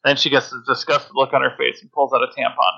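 A man's voice: medium pitch, level tone, quick pace, gravelly, bright, forceful tone, highs cut off. A man co-hosting a podcast, chatting animatedly and pointing out details he noticed. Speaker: podcast co-host. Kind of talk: casual podcast chat.

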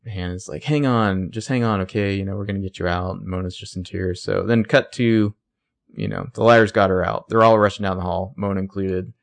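A man casually recapping a TV episode on a podcast, acting out the characters' lines in quick put-on voices. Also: deep voice, fairly even intonation, gravelly. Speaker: podcast co-host recapping a show. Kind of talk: casual chat.

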